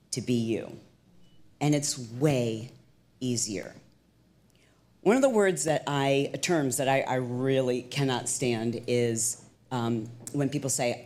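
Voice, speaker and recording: Low-voiced chatty middle-aged woman. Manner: lively, chatty, frequent "like" fillers and restarts. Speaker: guest, entrepreneur and fitness instructor. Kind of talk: casual storytelling interview.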